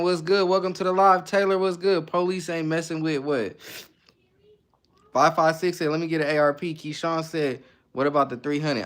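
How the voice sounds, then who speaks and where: A man hosting a casual livestream, reading viewer comments aloud and greeting people by name with quick, laid-back replies. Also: on the high side, a bit bright. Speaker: livestream host.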